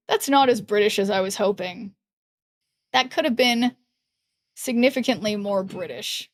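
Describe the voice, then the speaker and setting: Chatting casually on a livestream from her hot, fan-cooled bedroom, this young woman rambles, laughs often and leans on fillers. She speaks at medium pitch and a moderate pace with long pauses; there's no echo, just faint music behind her.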